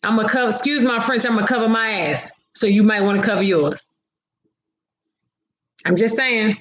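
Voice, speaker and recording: A sassy woman hosts a casual livestream, reading comments and talking straight to her viewers. Her voice sits a little high. The sound carries a noticeable room echo. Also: normal speed, fairly bright tone.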